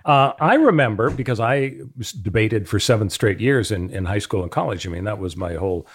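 A man's voice: on the low side, animated, brisk, slightly rough. A middle-aged man co-hosting a podcast, telling stories in a casual, emphatic way with playful asides. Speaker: podcast co-host. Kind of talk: casual chat.

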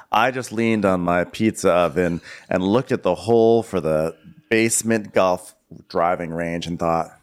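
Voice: low-pitched, takes it slowly, clear, resonant tone. A podcast co-host doing comedic TV recap chat, wry and mocking cast members in quoted voices.

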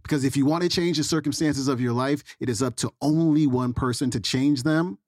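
A man's voice: mid-range voice, brisk, darkish tone, no room sound, studio quality. A man hosting a podcast, reading an upbeat, emphatic introduction. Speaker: podcast host.

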